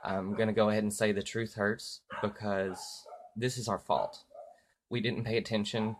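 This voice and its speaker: A man talks on a home live stream in a fairly low voice, a faint hiss under him. He starts hesitant and full of fillers, then builds into loud, heated ranting with swearing. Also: little pitch movement, normal speed. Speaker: political vlogger. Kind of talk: live-streamed political rant.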